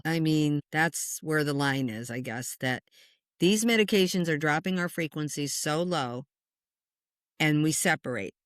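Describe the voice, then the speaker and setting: A woman who works as a spiritual medium, a guest telling stories in an earnest, passionate, animated way. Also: low voice, no room sound, clean studio sound. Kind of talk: conversational interview storytelling.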